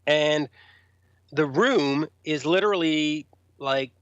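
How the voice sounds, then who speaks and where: A man guest on a casual podcast, telling backstage stories in an animated way and acting out the people he quotes. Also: on the high side, takes it slowly, no echo. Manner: animated, acts out quoted voices. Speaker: rock journalist guest. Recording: dull lo-fi podcast audio.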